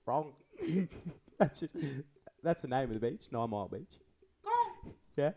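A man's voice: mid-range voice, sing-song, unhurried, mellow. A man hosting a podcast and running a trivia quiz in casual chat, teasing and swearing, often laughing.

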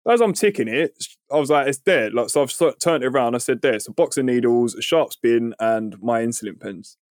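A man, telling a story on a podcast in a casual, animated way and swearing freely. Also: mid-range voice, fairly quick, no room sound, studio quality. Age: 30s. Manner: animated, swears freely, acts out quoted voices. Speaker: podcast co-host.

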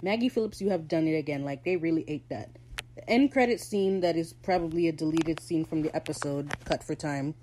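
A woman hosting a casual solo podcast recap, chatting in a gushing, excitable fan manner. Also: low-pitched, a little fast, a little hiss or hum, low-quality recording. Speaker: podcast host.

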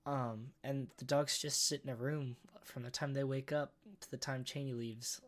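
A man's voice: mid-range voice, fairly even intonation, moderate pace. A young man on a podcast, chatting casually with lots of fillers and swearing. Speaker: podcast co-host. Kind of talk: casual chat.

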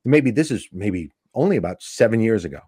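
A man's voice: lowish voice, brisk, slightly rough, dry recording, studio quality. A middle-aged man, a stand-up comedian, telling a story in a casual talk, acting out the people in it. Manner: animated storytelling with acted-out voices. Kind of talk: storytelling on a podcast.

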